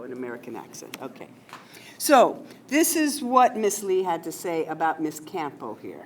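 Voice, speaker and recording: A woman's voice: lowish voice, big pitch swings, moderate pace, slight background noise. Woman presenting at a school ceremony. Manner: chatty, informal asides with fillers. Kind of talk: ceremony announcements and reading nominations aloud. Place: school hall or classroom.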